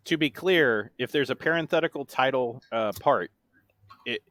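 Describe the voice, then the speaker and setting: A man hosting a trivia round on a podcast, reading song lyrics in a deliberate flat monotone. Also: medium pitch, no room sound. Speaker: guest quiz host. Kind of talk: reading quiz questions.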